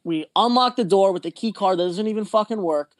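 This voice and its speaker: A man's voice: high voice, brisk, dry recording. A young man in casual chat, telling a story in a laid-back, wry way with casual swearing.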